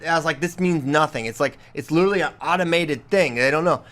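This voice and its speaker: A man in his thirties co-hosting a casual podcast chat, telling animated stories and mimicking his son's voice. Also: a little high, quick pace. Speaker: podcast co-host.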